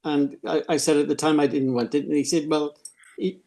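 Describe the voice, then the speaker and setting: An older man telling anecdotes in casual chat, halting and repeating words. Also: a little high, flat delivery, warm tone. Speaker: regular of the group chat. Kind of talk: casual chat among friends.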